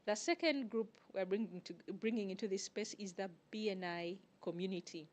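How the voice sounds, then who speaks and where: Woman, interview guest, measured, explanatory, mid pitch. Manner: measured, explanatory, pauses often to find words. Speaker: guest, networking group organizer. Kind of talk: interview answers.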